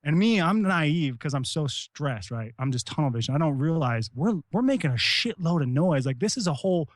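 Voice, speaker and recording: A middle-aged American man, a retired Army Ranger, telling stories in casual talk, animated and profane, shouting out the lines he quotes. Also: a little high, moderate pace, no room sound, clean studio sound. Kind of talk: casual storytelling.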